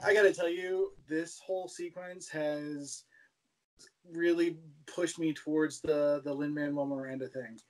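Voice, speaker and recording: A man's voice: fairly high pitch, steady tone, a little slow, darkish tone, low-quality recording. A man co-hosting a podcast in casual chat, mostly adding short agreeing remarks and dry quips. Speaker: podcast co-host.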